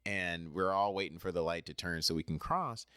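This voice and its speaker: A man's voice: low voice, moderate pace, sharp tone, clear, resonant tone, dry recording, studio quality. A man telling a personal story in a casual, rambling way, talking straight to the listener and apologizing when he drifts off topic. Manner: chatty, talks straight to the listener.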